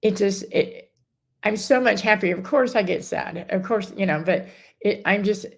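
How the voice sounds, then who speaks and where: A woman's voice: mid-range voice, normal speed, gravelly. A middle-aged woman telling her personal story in a casual chat, rambling and often breaking off mid-sentence. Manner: rambling, self-interrupting, acts out others' words. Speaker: guest.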